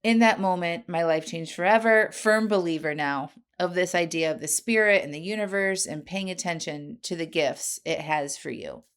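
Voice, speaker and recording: Woman, forties, podcast host; earnest, animated storyteller with a slightly low voice. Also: normal speed, few pauses, clear, resonant tone. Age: 40s. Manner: animated and earnest, with frequent laughs and "right?" asides. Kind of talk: personal storytelling monologue.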